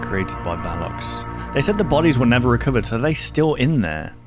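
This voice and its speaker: A man's voice: mid-range voice, very animated, a little fast, over music. A man hosting a video reaction channel, chatting casually and thinking aloud, often cutting himself off mid-sentence. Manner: rambling, thinking aloud with self-interruptions.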